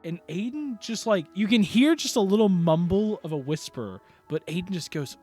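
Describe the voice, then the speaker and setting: Animated man narrating as dungeon master. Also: high voice, moderate pace, hardly any pauses, slightly rough, soft background music. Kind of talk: narrating a tabletop game.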